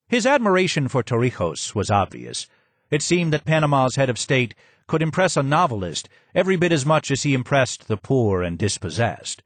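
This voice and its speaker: A man narrating a memoir audiobook in an expressive reading with strong emphasis. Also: medium pitch, normal speed, dry recording.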